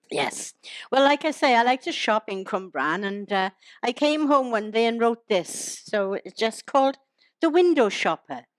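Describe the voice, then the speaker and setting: A woman's voice: fairly high pitch, expressive, slow pace, pauses often, no echo. Chatty older woman reciting comic verse. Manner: chatty, teasing the audience. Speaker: comic performer. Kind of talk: humorous poetry recital to a live audience.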